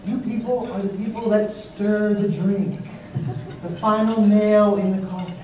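High-voiced man doing stand-up in an echoey hall. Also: level tone, unhurried, a little mellow. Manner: teasing, mock-accusing the audience. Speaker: stand-up comedian. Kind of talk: stand-up comedy routine. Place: large conference hall. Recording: echoey hall, distant mic, noisy.

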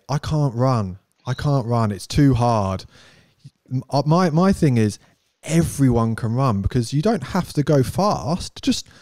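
A man's voice: medium pitch, mellow, no echo, clean studio sound. A young man in casual chat, speaking eagerly and explaining with vivid everyday comparisons. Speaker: podcast co-host.

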